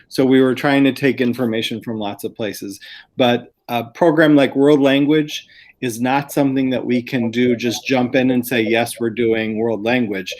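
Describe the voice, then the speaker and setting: Earnest man explaining school plans. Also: mid-range voice. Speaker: school district administrator. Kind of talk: planning group discussion.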